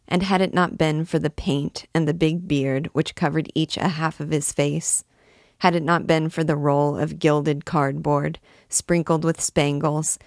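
A woman reading a classic novel aloud, measured and expressive, lifting her voice for quoted shouts. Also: sits low, dry recording, studio quality. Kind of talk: read-aloud narration.

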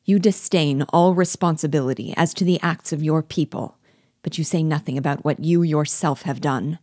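A woman reading aloud the lines of a jealous, angry young man, her voice raised and forceful. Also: low voice, moderate pace, dry recording, studio quality. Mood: accusing.

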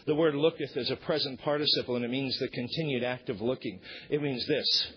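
A pastor preaching a sermon, emphatic, swinging between loud shouted points and low quiet asides. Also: male voice, fast talker, hardly any pauses, husky, muffled recording.

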